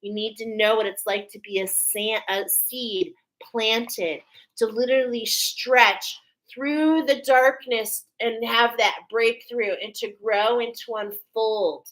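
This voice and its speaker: A woman's voice: fairly high pitch, steady tone, slow, a bit bright, low-quality recording. A woman giving a spiritual oracle card reading to her viewers, earnest and soothing, often checking in with "okay?".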